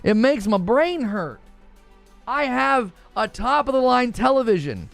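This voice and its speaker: A man's voice: extremely high pitch, big pitch swings, unhurried, vocal fry, a bit bright, soft background music. A man co-hosting a gaming news show, ranting in an exasperated, sarcastic way. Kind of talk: heated gaming podcast rant.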